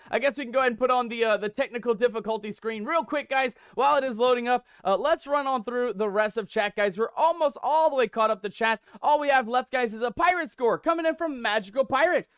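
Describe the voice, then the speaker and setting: Really high-pitched guy streaming games, pirate captain banter, dry close sound. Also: a bit bright, smooth, dry recording. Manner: playful pirate-captain banter, hype and repetition. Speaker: live streamer. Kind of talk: live game stream commentary.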